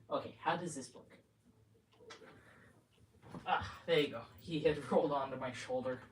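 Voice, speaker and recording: A woman's voice: very deep voice, moderate pace, long pauses, slight background noise. A woman with a Minnesotan accent chatting on a casual livestream from home, cooing affectionately at her cat between chatty asides. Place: home room.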